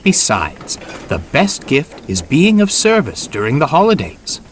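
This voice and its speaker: A man voicing a gentle kindly old engine. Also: medium pitch, wildly swooping pitch, measured pace, slight background noise, pitched above the performer's own voice. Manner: gentle, good-natured. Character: kind, cheerful old male tank engine.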